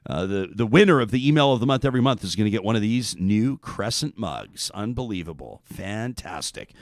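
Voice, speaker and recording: A man hosting a talk show, chatting casually and reading listener emails aloud in an animated way. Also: mid-range voice, fast talker, dry recording, clean studio sound. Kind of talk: radio talk show monologue.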